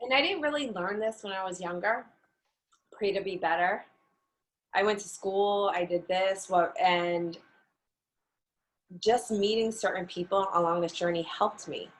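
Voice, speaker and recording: A woman hosting an interview, speaking earnestly and deliberately. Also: mid-range voice, rough recording. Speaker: host. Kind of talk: conversational interview.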